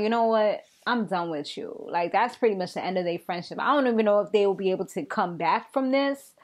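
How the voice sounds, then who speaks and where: A young woman casually recapping a TV episode in an animated, slangy way. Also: mid-range voice. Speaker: TV recap vlogger.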